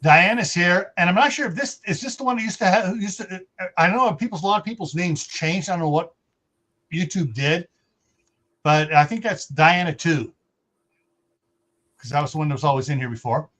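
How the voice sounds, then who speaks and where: Chatty middle-aged male host with a high voice, laughs easily, reads out viewer comments. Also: moderate pace, fairly bright tone. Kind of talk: casual livestream chat.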